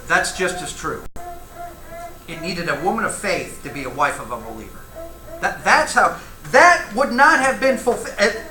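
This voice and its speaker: A man's voice: high voice, big pitch swings, moderate pace. A man teaching a church Bible class, talking with the class, asking questions and reading scripture aloud. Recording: echoey room, faint ambience.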